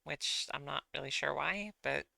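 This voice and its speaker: A woman's voice: deep voice, moderate pace, vocal fry, sharp tone, no room sound. A woman chatting casually on a livestream, rambling and self-deprecating, often apologizing. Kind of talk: casual rambling stream chat.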